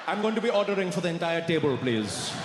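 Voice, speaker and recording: A man's voice: fairly high pitch, sing-song, quick pace, noisy background. A man playing an overconfident diner who orders for everyone with an overdone accent, in a stand-up bit. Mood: showy. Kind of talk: stand-up comedy acting. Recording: roomy hall echo, venue ambience.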